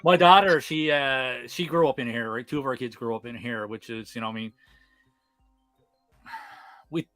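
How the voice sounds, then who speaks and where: This is a man in his thirties with a strong Newfoundland accent, hosting a laid-back livestream chat. He talks quickly and packs in local slang, with a lot of laughter between his lines. His bright, forward voice sits close to the mic in a dry space. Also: medium pitch, steady tone, dry recording, faint music behind. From Newfoundland, Canada. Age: 30s. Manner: fast-talking, slangy, laughs often. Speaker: livestream host.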